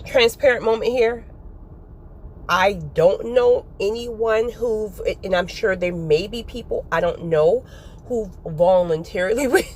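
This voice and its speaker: A woman giving a casual spiritual talk to her viewers, animated and often breaking into laughter. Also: mid-range voice, a little hiss or hum. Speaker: faith vlogger.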